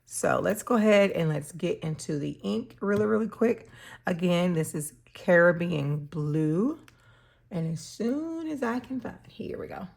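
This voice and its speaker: Slow-talking woman with a gravelly voice. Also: lowish voice. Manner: slow, relaxed, chatty with fillers and soft laughs. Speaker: stationery channel host. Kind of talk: casual unboxing and pen demo.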